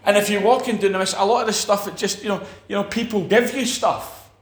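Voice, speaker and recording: A man's voice: sits high, fast, reverberant. A man preaching a sermon, emphatic, with repeated phrases and restarts.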